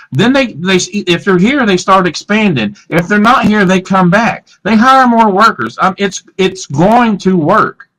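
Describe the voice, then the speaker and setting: Male co-host, pitched high, earnest and insistent on the radio. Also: a bit bright, rough recording. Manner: earnest and insistent, lists points with "you know". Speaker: radio talk show co-host. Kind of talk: live political talk radio.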